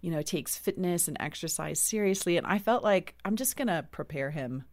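A woman who is an author, a guest on a talk show, telling personal stories in an earnest, lively way with frequent laughter. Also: lowish voice, brisk, no room sound. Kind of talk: casual interview chat.

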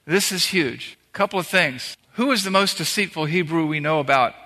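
A man's voice: on the high side, moderate pace, pushed and bright. A man preaching a sermon in a conversational way, walking through scripture verse by verse with punchy repetitions. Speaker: pastor. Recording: long reverb of a large hall.

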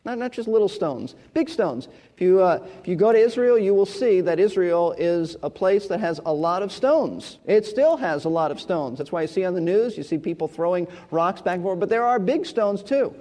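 A man's voice: high voice, lively intonation, normal speed, few pauses, dark tone. A male pastor preaching an expository sermon, emphatic and repeating key words for stress. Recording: long hall reverb.

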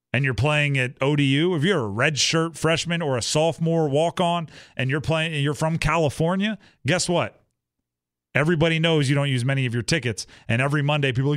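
A man's voice: fairly high pitch, brisk, no echo. Young man, sports talk co-host, rambling casual chat, dry close sound. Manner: rambling, animated, acts out quoted teammates.

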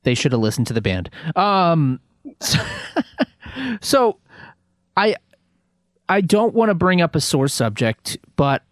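A man hosting an interview, asking questions in a hesitant, halting way. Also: on the high side, very animated, dry recording, clean studio sound. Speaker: interview host. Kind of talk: casual interview.

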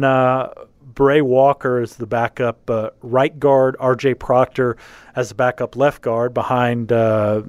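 A man's voice: medium pitch, no echo. A man hosting a casual sports podcast, talking things through with plenty of fillers and restarts. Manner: halting, many fillers and restarts. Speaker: podcast host.

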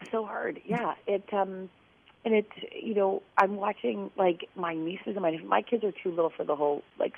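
A woman's voice: lowish voice, vocal fry, breathy edge. A woman calling in as a guest on a casual chat, telling funny, self-deprecating stories. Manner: self-deprecating, laughing storyteller. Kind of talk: casual chat over the phone. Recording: tinny phone line.

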